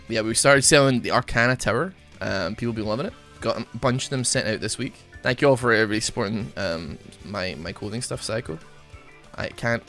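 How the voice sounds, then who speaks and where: A young man with a medium-pitched, fairly bright voice narrates his gaming session casually, joking, rambling and making fun of himself as a streamer.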